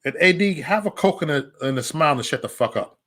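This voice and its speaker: A fast-talking man with a slightly high, expressive, somewhat bright voice hosts a livestream full of angry, profane ranting at his critics. He keeps repeating himself, stammers and restarts, and reads out live chat messages.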